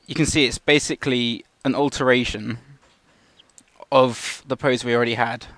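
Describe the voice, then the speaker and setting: A man's voice: mid-range voice, steady tone, moderate pace, fairly bright tone, dry recording. A man casually talking through an animation shot as a tutor, restarting sentences as he explains. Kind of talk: live tutorial walkthrough.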